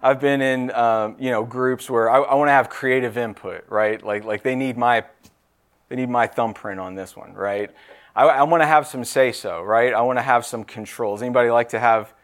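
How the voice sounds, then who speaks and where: Man in his 30s or 40s, casual sermon delivery, talks with the room and keeps asking "right?", mid pitch. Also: normal speed. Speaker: preacher.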